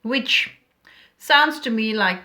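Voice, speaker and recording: A woman teaching a poetry lesson, talking slowly and deliberately and reading lines aloud with emphasis. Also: a little high, lively intonation, pushed and bright.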